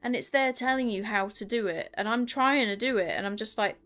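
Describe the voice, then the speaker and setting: A British woman streaming a game live, chatting casually and rambling with lots of "um"s, getting excitable when she reacts to chat. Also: a little high, a little fast, few pauses.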